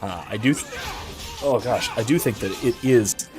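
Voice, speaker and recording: A man's voice: mid-range voice, moderate pace, over music. A man hosting casual gameplay commentary on philosophy, hiccuping throughout and apologizing while rambling with many fillers. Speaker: philosophy lecturer and let's-play host.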